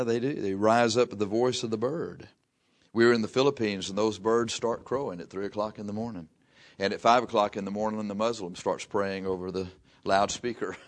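An older man preaching a folksy sermon, reading scripture slowly and telling homespun stories. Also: fairly low pitch. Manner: slow, drawn-out scripture reading mixed with chatty anecdotes.

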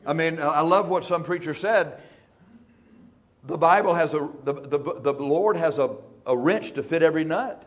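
A male pastor preaching in a church, folksy and emphatic, speeding up and slowing down for effect. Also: fairly high pitch. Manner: folksy, emphatic, shifting between fast and slow. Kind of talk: sermon.

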